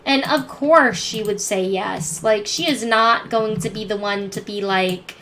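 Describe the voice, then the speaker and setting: A woman's voice: medium pitch, a little slow, fairly bright tone, a little hiss or hum. A woman narrating her life-simulation game play in a chatty way, thinking aloud with many restarts. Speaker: gameplay narrator. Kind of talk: let's play commentary.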